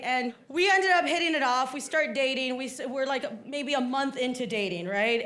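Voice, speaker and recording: A woman from South Texas, telling stories on a comedy stage and acting out the people in them. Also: high-pitched. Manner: animated, acts out voices. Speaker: stand-up comedian. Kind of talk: stand-up storytelling. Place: comedy stage before a live audience. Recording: live club audience, faint noise. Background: audience laughter.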